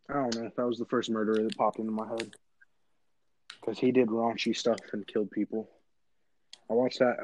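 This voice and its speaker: A man's voice: medium pitch, darkish tone, poor audio. Young male podcast co-host, playful and crude, ribbing a friend; faint noise behind. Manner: teasing, crude joking, laughs often. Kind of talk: casual chat.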